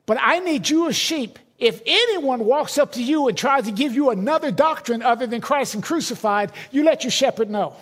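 A man's voice: very high voice, lively intonation, normal speed, few pauses. A middle-aged man, a pastor, preaching a sermon in a conversational, emphatic way with personal stories.

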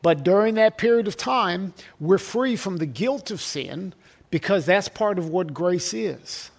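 A man's voice: high-pitched, animated, unhurried, creaky. A man preaching an earnest verse-by-verse sermon, quoting scripture and repeating phrases for emphasis. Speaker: pastor.

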